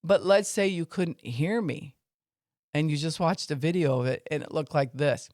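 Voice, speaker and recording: A man's voice: a little high, moderate pace, a little mellow, dry recording, studio quality. A man teaching on faith and emotions in an informal podcast talk, with fillers, acting out what people say.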